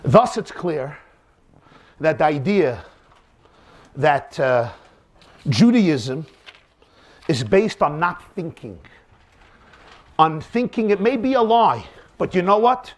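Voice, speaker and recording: A man's voice: on the high side, very animated, takes it slowly, pauses often. A man teaching as a rabbi, telling stories and asking rhetorical questions in a dramatic, emphatic way. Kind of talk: lecture on faith with acted-out anecdotes.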